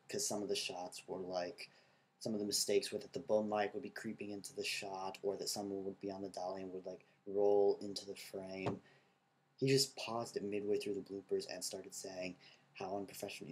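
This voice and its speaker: A young man with a stuffy nose and a nasal voice, talking softly and rambling in a casual video diary. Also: deep voice, breathy edge. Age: young adult. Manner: talks softly, rambling with fillers. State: stuffy-nosed from allergies. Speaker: college student vlogger.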